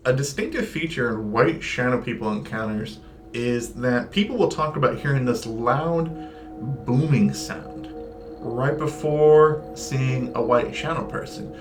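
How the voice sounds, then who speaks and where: A man co-hosting a paranormal discussion show, chatty and quick in places. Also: medium pitch, soft background music. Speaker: paranormal podcast co-host. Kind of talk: casual discussion.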